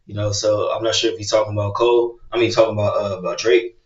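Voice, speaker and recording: A man hosting a casual reaction video, talking loosely and cursing, repeating "bro, come on" as he gets excited. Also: on the low side, fast, far from the mic. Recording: roomy, dull sound from away from the mic.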